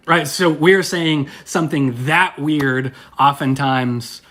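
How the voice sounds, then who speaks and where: A man's voice: on the high side, steady tone, takes it slowly, few pauses, a bit bright. A young man, preaching in a casual, playful, rambling way with lots of fillers. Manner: rambling, playful, self-deprecating with frequent fillers. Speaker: pastor. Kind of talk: casual livestream sermon.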